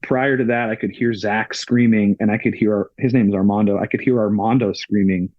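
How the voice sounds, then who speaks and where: Podcast guest from a touring crew: a husky man with a low voice, casual storyteller who relives scenes through quoted exchanges. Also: steady tone, brisk, no room sound, lo-fi sound. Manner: retells events with frequent "I was like" quotes.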